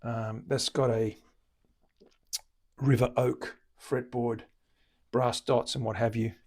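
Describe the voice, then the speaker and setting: A man's voice: mid-range voice, slow. A man with an Australian accent, a luthier host chatting casually through a live-stream demonstration in his guitar workshop. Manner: relaxed, chatty, explains while working.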